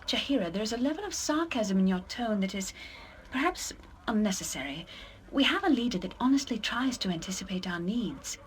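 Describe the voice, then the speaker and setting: An actress voicing a gentle, earnest young elf woman in a video game, softly reproachful. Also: mid-range voice, lively intonation, a little fast, natural voice.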